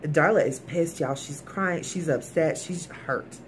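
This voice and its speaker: A woman's voice: deep voice, a little slow, a little hiss or hum. A woman recapping a TV episode in a casual, emphatic way, talking straight to her viewers. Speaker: TV episode reviewer.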